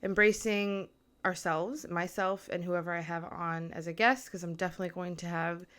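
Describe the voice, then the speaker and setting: A young woman talks through her first solo podcast episode, recorded in a small apartment. Her voice sits a little low, and she rambles nervously, packing her sentences with filler words. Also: steady tone, normal speed, fairly bright tone. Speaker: podcast host. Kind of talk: casual solo podcast chat. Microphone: mic with camera on tripod.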